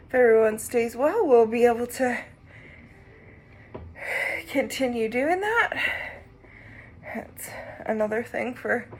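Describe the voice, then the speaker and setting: A woman sharing her recovery in a casual vlog, short of breath as she rides an exercise bike, speaking reflectively with pauses. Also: on the high side, slight background noise. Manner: slow, reflective, with pauses and soft laughs.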